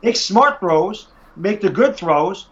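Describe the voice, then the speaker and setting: A man's voice: high voice, takes it slowly. A man hosting a casual football podcast, getting worked up and acting out what fans and coaches say. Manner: frustrated, animated, acts out fans and coaches. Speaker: sports podcast host. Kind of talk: casual sports chat. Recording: dull lo-fi audio.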